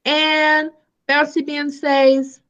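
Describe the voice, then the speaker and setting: A woman teaching a live online phonics lesson to young children over a video call, sounding out letters in a slow sing-song way. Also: high-pitched, little pitch movement, fairly bright tone, highs cut off, a little hiss or hum.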